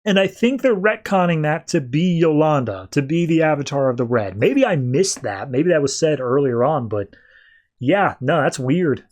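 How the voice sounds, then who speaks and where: A man's voice: on the high side, lively intonation, moderate pace, a little mellow. A man hosting a podcast, recapping a comic book issue in a loose, conversational way full of "like" and "uh". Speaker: podcast host.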